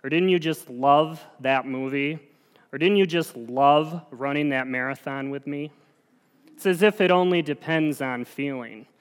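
A man's voice: mid-range voice, smooth. A man giving a sermon as a lay preacher, earnest and conversational, with a self-deprecating touch. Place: church sanctuary. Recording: long church reverb.

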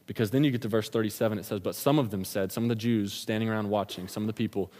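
Casual preacher in an echoing hall. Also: male voice, lowish voice, fairly even intonation, racing, a little mellow. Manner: casual, slangy storytelling preacher. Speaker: pastor. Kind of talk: sermon. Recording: long reverb of a large hall.

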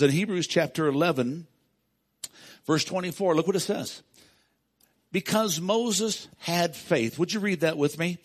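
A man's voice: a little high, normal speed. A man preaching a sermon as pastor, emphatic, repeating key phrases and calling out to the congregation.

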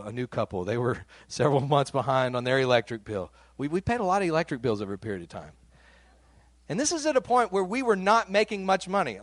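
A middle-aged man preaches like he is chatting with friends, in a voice that sits in the middle of the male range. He stumbles and repeats words as his thoughts rush ahead. The sound is dry and close, with no room echo. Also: mid-range voice. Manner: conversational, animated, with frequent repeated words and laughs. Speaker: pastor. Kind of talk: sermon.

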